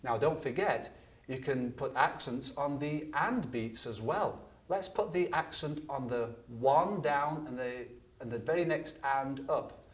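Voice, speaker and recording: A man's voice: medium pitch, unhurried. A man teaching ukulele in an instructional video, speaking patiently and repeating his words now and then. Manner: patient, counts beats aloud while strumming, repeats words. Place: studio. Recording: from a distance, with ukulele strumming.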